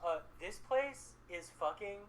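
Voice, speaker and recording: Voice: mid-range voice, lively intonation, unhurried, a little hiss or hum, poor audio. A game master narrating a tabletop game in a loose, rambling way, with lots of fillers and swearing.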